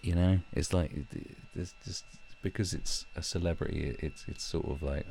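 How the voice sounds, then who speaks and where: A man's voice: sits low, fairly even intonation, normal speed, gravelly, hardly any pauses, a little mellow, a little hiss or hum. A man hosting a livestream, ranting bluntly and mockingly, with plenty of swearing. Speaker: livestream commentary host. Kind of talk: casual ranting commentary.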